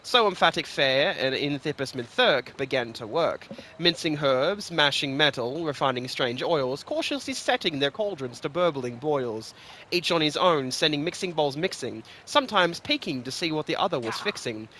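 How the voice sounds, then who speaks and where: A man reads fantasy lore aloud, expressive and rhythmic, giving each line a clear shape. His voice is bright and forceful, set a touch high. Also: moderate pace, a little hiss or hum. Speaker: lore reader. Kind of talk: scripted fantasy story reading.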